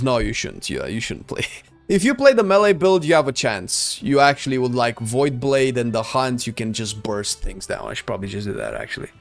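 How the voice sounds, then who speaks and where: Gravelly laid-back male streamer. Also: mid-range voice, no room sound. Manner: chatty, laid-back, answers chat. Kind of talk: casual gameplay commentary. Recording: faint music under the voice. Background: faint game music.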